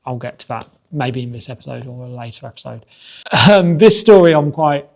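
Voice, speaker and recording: A man's voice: mid-range voice, animated, a little fast, creaky. A man who coaches boxing, telling stories from his gym in a chatty, self-deprecating way. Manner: chatty, self-deprecating, laughs often, many fillers. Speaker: boxing coach and podcast host. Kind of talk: casual reflective monologue.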